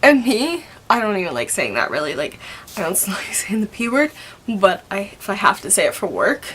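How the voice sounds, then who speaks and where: A woman's voice: medium pitch, sing-song, moderate pace, fairly bright tone, a little hiss or hum. A young woman telling a story in a casual, chatty way. She laughs often and acts out what other people said.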